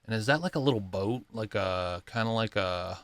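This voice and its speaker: A man hosting a reaction video, musing in an easygoing way with frequent pauses. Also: lowish voice, no echo. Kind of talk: casual reaction commentary.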